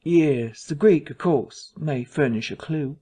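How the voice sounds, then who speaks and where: A man voicing an anxious, evasive country vicar in a story reading, hesitant and fastidious. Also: on the high side, dark tone, slightly rough.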